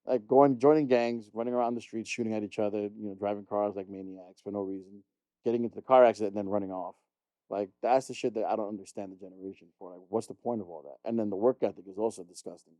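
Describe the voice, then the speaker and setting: Fast-talking exasperated middle-aged man. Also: on the low side, steady tone, mellow, no room sound. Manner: blunt, exasperated ranting with frequent swearing. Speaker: podcast co-host. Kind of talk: casual chat.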